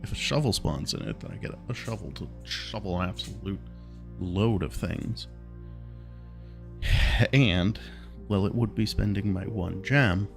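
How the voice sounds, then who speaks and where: A man's voice: sits low, lively intonation, unhurried, gravelly, soft background music. A man giving casual gameplay commentary, thinking aloud and often muttering questions to himself. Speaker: let's play gamer.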